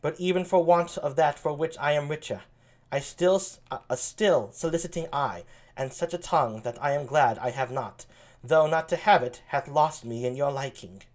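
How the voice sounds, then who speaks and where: An earnest young princess, read aloud by a man in his own voice, quiet and sincere. The delivery is soft and halting in places, like a casual reading of an old play. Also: a little high, lightly acted. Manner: quiet, earnest, a few stumbles.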